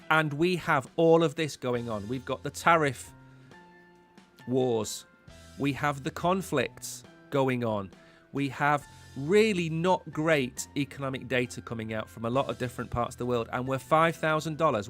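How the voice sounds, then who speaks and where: A man's voice: mid-range voice, a bit bright. Chatty man rambling through market commentary. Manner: chatty, rambling, repeats words while thinking. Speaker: host.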